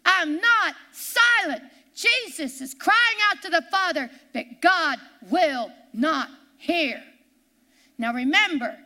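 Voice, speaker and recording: A woman pastor preaching a sermon in a church, repeating her lines and slowing down to cry out the verses she reads. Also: very high voice. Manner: impassioned preaching, repeats lines, slows and shouts on scripture.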